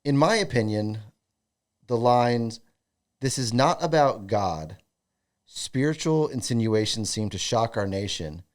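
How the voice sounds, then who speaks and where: Lively joking man co-hosting a podcast. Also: mid-range voice, a little slow. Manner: joking, rambling, reads listener comments aloud. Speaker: podcast co-host. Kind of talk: casual comedic chat.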